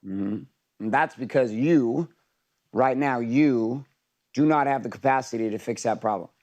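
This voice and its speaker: A man's voice: mid-range voice, a little slow, a little mellow. A man coaching a group in an intense, emphatic motivational talk, swearing freely.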